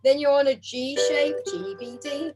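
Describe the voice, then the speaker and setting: A woman's voice: high voice, fairly even intonation, normal speed, over loud music, poor audio. A woman teaching a harp group over a video call, counting beats aloud and humming the tunes. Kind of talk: online group music lesson. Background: harp playing.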